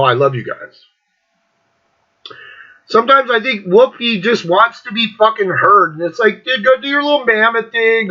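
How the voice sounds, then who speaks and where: Man in his fifties, podcast host, blunt profane rant, high-pitched, slightly dull recording. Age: 50s. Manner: blunt, profane, mocking, laughs often.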